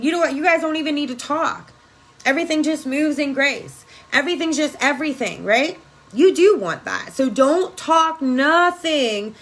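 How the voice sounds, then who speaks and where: A woman's voice: on the high side, a bit bright, rough recording. A woman energy worker giving an emphatic, profane spiritual pep talk on a phone live video.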